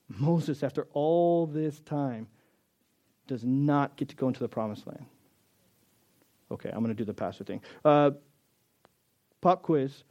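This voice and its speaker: A middle-aged man preaching a sermon, acting out the scripture and the quotes with lively shifts of voice. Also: medium pitch, unhurried, long pauses, lo-fi sound. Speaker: pastor.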